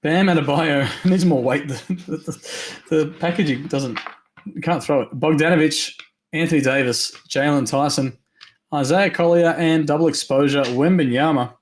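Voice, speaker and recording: A man hosting a live trading card break, rattling off names quickly and upbeat, his voice going hoarse. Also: fairly high pitch, a little hiss or hum. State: losing his voice.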